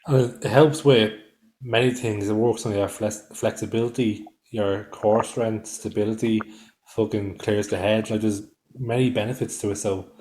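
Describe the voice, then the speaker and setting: A man's voice: fairly low pitch, steady tone, normal speed, a little mellow, slight background noise. A man with an Irish accent, co-hosting a podcast in casual chat, blunt and swearing often. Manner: blunt, swears often, loses his thread. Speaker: podcast co-host.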